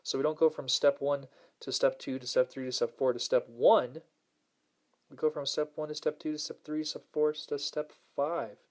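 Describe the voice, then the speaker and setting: An earnest man with a fairly high voice teaches his listeners in an upbeat motivational talk. He repeats his key phrases and slows down to stress them. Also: flat delivery. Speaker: host and self-help coach.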